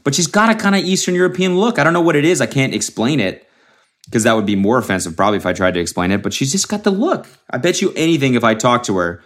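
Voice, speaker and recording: A man's voice: mid-range voice, expressive, fast talker, a bit bright. A young man hosting a solo comedy podcast, rambling and swearing freely, often restarting his sentences. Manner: rambling and profane, with frequent restarts. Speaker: podcast host.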